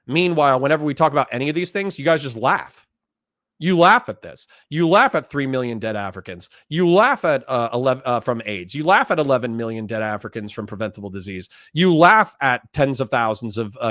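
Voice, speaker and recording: A man's voice: mid-range voice, a bit bright, dry recording, clean studio sound. A man hosting a political stream, ranting angrily and swearing as he argues with callers. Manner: angry, profane, rapid ranting. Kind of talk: heated political debate.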